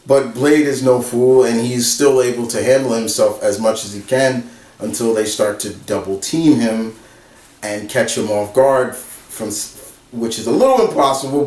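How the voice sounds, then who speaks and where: A man casually retelling a story off the cuff, rambling with restarts and quick laughs. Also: mid-range voice, a little mellow. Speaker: channel host retelling a fan story. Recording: roomy, from a distance.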